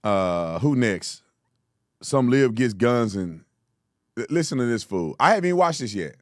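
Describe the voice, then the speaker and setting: A man hosting political commentary, mocking and animated with loud outbursts. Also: medium pitch, moderate pace, dry recording, clean studio sound. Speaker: host.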